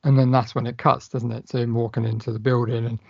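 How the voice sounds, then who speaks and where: On a podcast, a male co-host chats casually about films, now and then bursting into lines from movies in a raised voice. His medium-pitched voice is quick, flat, breathy and full of vocal fry, with no echo, though the audio sounds dull and slightly muffled.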